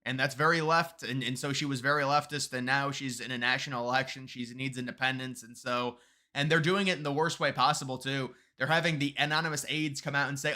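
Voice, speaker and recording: With a mid-range, brisk voice that's bright and forceful and fairly even in intonation, a man streams live political commentary and fields viewer chat. He gets argumentative, heated and emphatic, repeatedly restarting sentences and repeating words.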